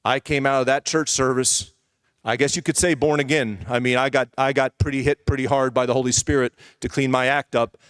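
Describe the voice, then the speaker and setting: A man's voice: mid-range voice, steady tone, fairly quick, a bit bright, clear, resonant tone, dry recording, clean studio sound. A man preaching a sermon as a personal testimony, telling his story candidly and conversationally with asides to the congregation. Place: church.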